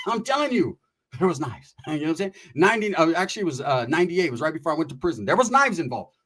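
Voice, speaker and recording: A middle-aged man from California telling a casual comic story in an animated, profane and slangy way, with quick asides to the listener. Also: fairly high pitch. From Merced, California.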